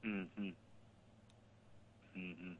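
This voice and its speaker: A man calling in to a talk show, talking casually and haltingly about politics, often repeating words. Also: sits low, level tone, background noise. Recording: tinny phone line.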